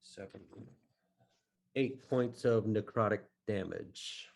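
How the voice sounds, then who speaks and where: A man with an Irish accent, narrating a tabletop game as game master in a halting way with many fillers. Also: on the low side, gravelly, a little hiss or hum.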